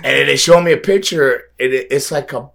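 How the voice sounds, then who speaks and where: A man spins a loose anecdote in casual conversation. He rambles, stumbles over repeated words and keeps breaking into laughter. His voice sits at a middling pitch. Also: a little fast, creaky, a bit bright. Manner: rambling, laughs often, many fillers and repeats. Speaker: guest, wrestler. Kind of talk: casual storytelling.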